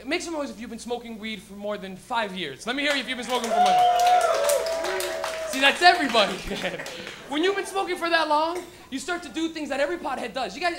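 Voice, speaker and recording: A man's voice: very high-pitched, pushed and bright. A man doing a brash, profane stand-up routine, acting out characters' voices as he hosts a live comedy lounge.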